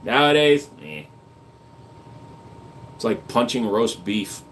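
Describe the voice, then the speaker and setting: A man's voice: medium pitch, lively intonation, slow pace, fairly bright tone, slight background noise. A man hosting a livestream, reading chat comments aloud and answering with crude jokes and casual gun talk. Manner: crude joking banter, reads comments aloud.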